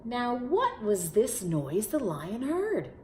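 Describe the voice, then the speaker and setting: A woman teacher reading a picture book aloud to children from her home, expressive and animated. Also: fairly high pitch, slow. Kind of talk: storytime read-aloud.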